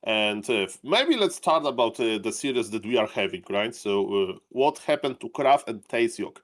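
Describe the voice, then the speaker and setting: A man co-casting a live esports stream, recapping matches in an animated, enthusiastic way. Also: on the low side, normal speed. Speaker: esports caster.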